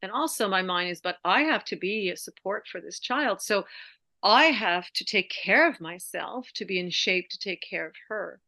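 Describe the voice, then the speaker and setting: A woman's voice: medium pitch, expressive, moderate pace, bright, forceful tone, no echo. A middle-aged woman, a yoga teacher and interview guest, speaking in a reflective, earnest way. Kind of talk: conversational interview.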